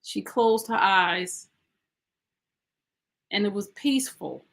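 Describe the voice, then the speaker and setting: A woman's voice: medium pitch, slow, gravelly, fairly bright tone. Emphatic woman telling a personal story. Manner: emphatic, conversational, speaking straight to listeners. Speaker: podcast host.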